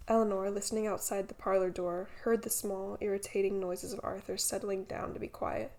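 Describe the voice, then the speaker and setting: A woman narrating a novel as an audiobook reader, in a quiet, measured way. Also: mid-range voice, little pitch movement.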